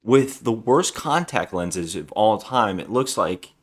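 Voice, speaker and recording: Over loud music, a podcast co-host with a low, animated voice speaks slowly. He casually reviews a horror movie, laughing as he imitates lines from it.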